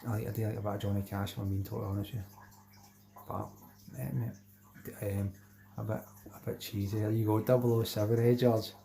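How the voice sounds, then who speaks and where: Low gravelly Scottish man chatting. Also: little pitch movement, fast talker, dark tone. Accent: Scottish, Glasgow. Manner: chatty, says "mate" constantly, reads out viewer names. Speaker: fishing livestream host. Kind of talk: casual live chat with viewers.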